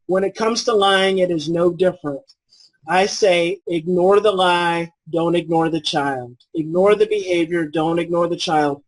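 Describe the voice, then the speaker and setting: A man in his forties, a parenting expert guest, explaining in a calm, earnest way and repeating his key phrases. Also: high voice, rough recording. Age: 40s. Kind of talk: conversational explaining.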